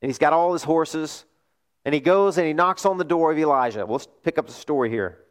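A male pastor preaching a sermon, telling a story in an animated way and asking rhetorical questions. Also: on the high side, brisk.

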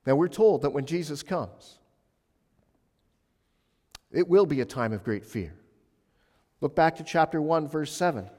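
A man's voice: mid-range voice, lively intonation, a little slow, long pauses. Emphatic male preacher in a reverberant hall. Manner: emphatic preaching, swinging from loud to hushed. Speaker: pastor. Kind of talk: sermon. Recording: long reverb of a large hall.

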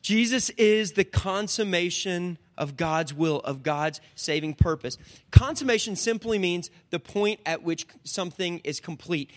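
A man preaching a sermon as pastor, telling Bible stories with lively asides and quick put-on voices for the people in them. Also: high voice. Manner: animated storytelling, jumps into voices and back.

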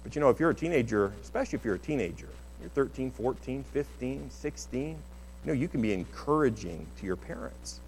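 A man's voice: medium pitch, animated, fairly quick, darkish tone, a little hiss or hum. A middle-aged man preaching a sermon as pastor, in an earnest, conversational way with many restarts. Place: church sanctuary. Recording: long hall reverb.

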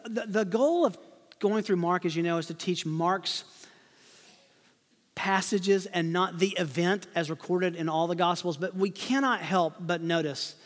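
Male pastor, high-pitched, dynamic sermon delivery, church hall reverb. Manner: dynamic, swings from loud rhetorical questions to hushed asides. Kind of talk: expository sermon.

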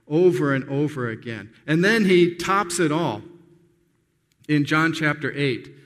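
A man's voice: a little high, lively intonation, unhurried, a bit bright. A man preaching a sermon in a conversational, earnest way, often restarting his sentences as he explains a passage. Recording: long hall reverb.

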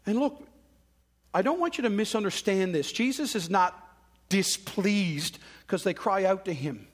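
Male preacher, high-pitched, chatty sermon delivery with acted-out quotes. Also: lively intonation, a little slow, breathy edge. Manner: conversational preaching with dramatic quoted voices. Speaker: pastor.

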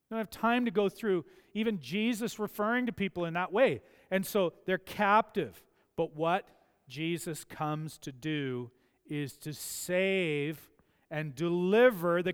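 A man preaching a sermon, emphatic and building to forceful peaks. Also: sits high, clean tone. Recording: long church hall reverb.

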